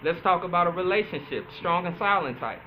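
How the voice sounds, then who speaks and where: Guy doing a solo podcast, pretty high voice, bouncy delivery, tinny phone sound. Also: slight background noise. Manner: animated, chatty, playful, drawls some words slowly. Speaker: podcast host, astrologer. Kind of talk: casual solo talk.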